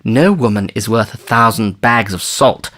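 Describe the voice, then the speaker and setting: A man voicing a stern colonial commissioner who speaks calmly and curtly, with dry humour. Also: fairly low pitch, moderate pace, lightly acted. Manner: calm, curt, dryly humorous.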